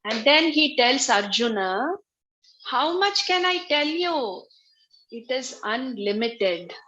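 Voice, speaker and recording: A woman teaches a religious class over a video call. Her voice sits a little high and sounds bright and clear. She talks at an unhurried pace, repeating her phrases as she patiently explains. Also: very animated, muffled recording, slight background noise. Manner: slow, repetitive, patient explaining. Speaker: spiritual teacher.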